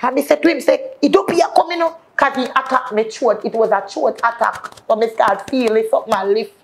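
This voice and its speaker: A woman's voice: on the high side, fairly quick, vocal fry, a little hiss or hum. A woman with a Jamaican accent sharing an emotional personal testimony in patois and often calling out to the faithful. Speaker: guest.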